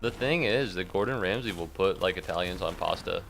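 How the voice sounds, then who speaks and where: A man's voice: low voice, a little fast, gravelly, a bit bright, soft background music. A young man streaming a game, rambling and sarcastic, swearing a lot and yelping suddenly at the game. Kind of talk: casual gameplay commentary.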